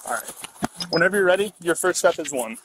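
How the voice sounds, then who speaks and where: A male police officer calmly giving field sobriety test instructions at a roadside stop. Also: on the high side, low-quality recording. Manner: calm, measured, procedural. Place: outdoors at a roadside traffic stop. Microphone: body camera. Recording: faint noise, body camera audio.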